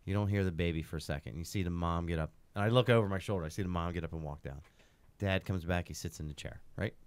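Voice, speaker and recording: A man co-hosting a podcast, telling a story in casual, profane chat that swings from loud outbursts to low asides. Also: fast, clear, resonant tone, no echo. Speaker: podcast co-host. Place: podcast studio.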